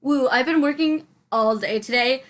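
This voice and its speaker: A young woman with a slightly high voice rambling through a game voice-over. She is scatterbrained, chatty and self-mocking, scolding herself to pay attention. It is close to a headset mic. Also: moderate pace. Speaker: channel host. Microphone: headphones with mic.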